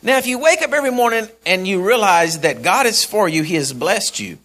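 In a high, animated voice and at a slightly fast clip, a man delivers a sermon as folksy storytelling. He voices the characters, repeats phrases, and moves between loud and quiet passages.

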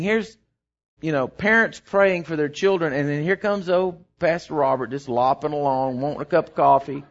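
A man's voice: a little high, moderate pace. A middle-aged man, a pastor telling a rambling story in his sermon that builds into emphatic preaching. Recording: dull lo-fi sermon recording.

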